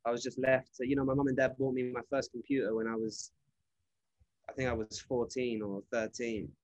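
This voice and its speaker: A man's voice: mid-range voice, fairly quick, dry recording, highs cut off. A young man with a British accent, chatting casually as a musician guest and telling stories with plenty of fillers. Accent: British English. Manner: relaxed, chatty storyteller, many fillers. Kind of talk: casual interview chat.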